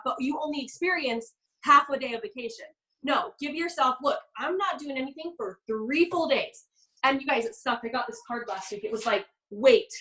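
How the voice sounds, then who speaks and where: A young woman coaching a live online group, telling stories in an animated way and acting out the people she quotes. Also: high voice, rough recording. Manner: fast, bubbly, animated storytelling with quoted voices. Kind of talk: live business coaching session.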